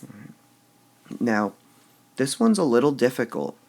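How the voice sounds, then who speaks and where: Slow, gravelly man teaching poetic meter. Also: medium pitch, very animated, darkish tone. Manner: slow and deliberate, sounding out stressed syllables, drops to a mutter when writing. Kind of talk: screen-recorded lesson on poetic meter.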